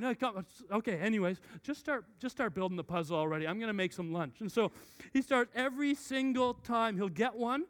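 A man in his thirties, a pastor preaching a sermon and telling a family story with lots of animated restarts. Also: high-pitched, fairly quick.

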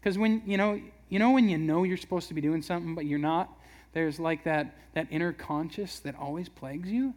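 A man giving a casual, conversational sermon, acting out quick voices for everyday scenes. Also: a little high, darkish tone. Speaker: preacher.

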